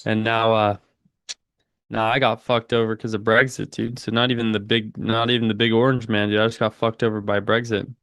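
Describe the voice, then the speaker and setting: A man's voice: on the low side, level tone, fairly quick, a bit bright, dry recording, studio quality. A young man in his twenties hosting a live trading stream, chatting casually in slang, saying "dude" a lot and answering chat while calling the market. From United States. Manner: laid-back slangy, says "dude" a lot, reads chat aloud. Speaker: livestream trading host.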